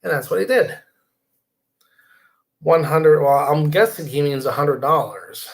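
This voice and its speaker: Gravelly middle-aged man hosting a live stream. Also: fairly high pitch, a little slow. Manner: rambling, reads viewer comments aloud and invites callers in. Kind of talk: casual live-stream chat. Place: home computer desk.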